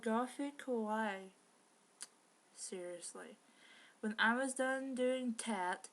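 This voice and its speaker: Slow, sarcastic woman reading fan fiction. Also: fairly high pitch. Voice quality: sarcastic, exasperated asides. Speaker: reader of bad fan fiction. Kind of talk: comedic dramatic reading with commentary.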